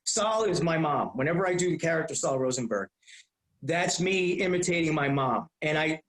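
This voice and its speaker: A middle-aged man telling stories on a podcast, animated and profane, repeating phrases as he goes. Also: on the high side, normal speed, echoey room, low-quality recording. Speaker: guest, comedian. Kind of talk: casual storytelling.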